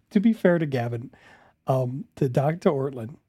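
A man's voice: mid-range voice, lively intonation, unhurried, mellow, slightly rough, dry recording, studio quality. A man commenting casually on a video he is watching, interrupting it with incredulous, laughing rebuttals.

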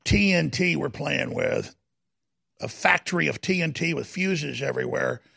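A man hosting a studio talk show, giving heated political commentary in an emphatic, dramatic way, slowing down to stress points and at times rising to a shout. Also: on the high side, dry recording. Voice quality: gravelly. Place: broadcast studio.

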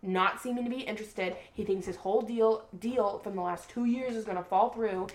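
A young woman co-hosting a podcast who recaps a book in casual chat. She is an animated storyteller who swears freely and says "like" often. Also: medium pitch, fairly quick. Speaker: podcast co-host. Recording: roomy echo.

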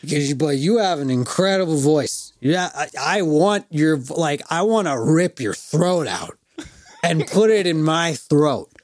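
A man's voice: fairly high pitch, expressive, measured pace, darkish tone, no echo, clean studio sound. A man voicing a drunk, aggressively friendly stranger who heaps on praise in an overly familiar way. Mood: pushy.

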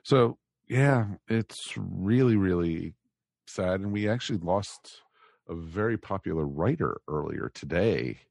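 Deep-voiced American man, rambling podcast host. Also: lively intonation, unhurried, creaky, a little mellow, no room sound, clean studio sound. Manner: rambling, many fillers. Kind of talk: casual podcast chat.

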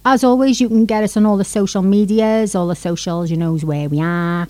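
A woman's voice: mid-range voice, fairly even intonation, brisk, dark tone, dry recording. A woman from Wales with a Cardiff accent, hosting a radio music show in a chatty, rambling way. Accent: Welsh, Cardiff. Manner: chatty, rambling, laughs easily. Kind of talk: casual sign-off chat.

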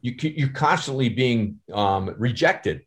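A man's voice: medium pitch, expressive, unhurried, a bit bright. A man, an actor and guest on a casual podcast, rambling through stories with lots of "you know".

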